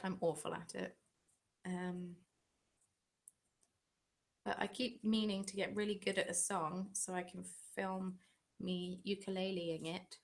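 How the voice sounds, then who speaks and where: Hosting a relaxed home live-stream for her craft channel, an Englishwoman responds to viewers' comments, chatty and self-deprecating. Her voice is mid-range and gravelly.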